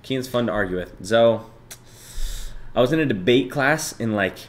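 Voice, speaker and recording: A man's voice: mid-range voice, expressive, moderate pace. A young man in his twenties chatting casually and profanely with his stream viewers, bantering loosely and reading chat aloud.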